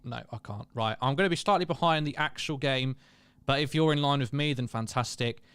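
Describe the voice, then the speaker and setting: A man's voice: mid-range voice, brisk, fairly bright tone, clean tone, no room sound. A young man hosting a live match watchalong, chatting casually, reading viewer comments and calling the play. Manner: chatty, self-deprecating, reads out viewer comments.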